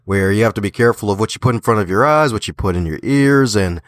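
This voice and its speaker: Talking fast in a lowish, expressive voice, a Baltimore man with a light Southern twang chats as a guest in a casual interview. He's an author and podcaster, upbeat and folksy, laughing a lot, with no echo on the recording.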